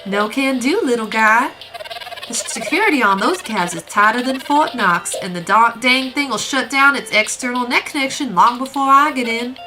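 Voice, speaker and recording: A woman's voice: on the high side, lively intonation, fairly quick, background noise, natural voice. A woman voicing a folksy hacker with a put-on, wobbly country drawl and homespun sayings. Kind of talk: voicing game dialogue while playing. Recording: game music behind.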